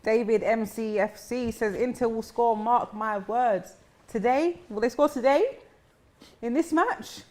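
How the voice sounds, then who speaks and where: A woman's voice: fairly high pitch, a little slow, darkish tone. A woman hosting a live football watch-along, reading viewer comments aloud and teasing them. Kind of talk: live match reaction chat.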